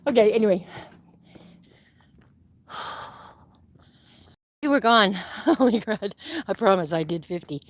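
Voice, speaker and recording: A woman's voice: medium pitch, lively intonation, slow pace, pauses often, no room sound. A middle-aged woman from Utah, out of breath as she walks and exercises outdoors, rambling chattily into her phone and laughing often. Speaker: livestream host. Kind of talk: casual live-stream chat while exercising. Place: outdoors, walking.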